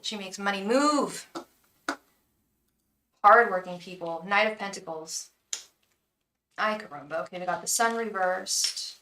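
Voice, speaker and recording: Bright, chatty woman psychic on a live stream. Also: mid-range voice, a little slow, pauses often, recorded from a distance, low-quality recording. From United States. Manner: chatty and effusive, chants repeated invocations. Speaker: tarot reader and psychic. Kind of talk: live-stream tarot reading chat.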